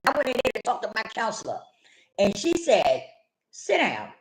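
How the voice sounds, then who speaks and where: A woman's voice: fairly high pitch, sing-song, brisk, faint music behind. A middle-aged woman telling her own story candidly and bluntly, repeating phrases for emphasis and swearing casually. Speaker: vlogger sharing her recovery story. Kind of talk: candid personal testimony. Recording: echoey room.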